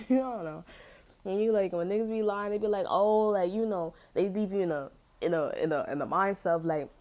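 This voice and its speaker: A woman's voice: medium pitch, normal speed, dark tone. A woman giving a casual tarot reading, telling personal stories in loose slang and laughing often. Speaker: tarot reader.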